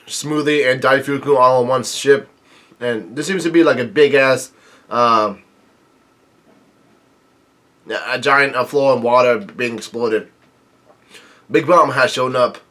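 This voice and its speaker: A young man reading a manga chapter aloud in a casual, halting way, full of fillers and restarts, and lifting his energy for the quoted lines. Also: medium pitch, pushed and bright. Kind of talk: casual read-through commentary.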